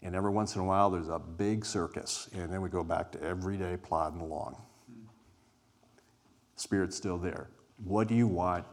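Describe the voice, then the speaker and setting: A man's voice: low-pitched, moderate pace. A man giving a conversational, inviting sermon to a congregation as a guest preacher. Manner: conversational, inviting, acts out scripture scenes. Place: church hall before a live congregation.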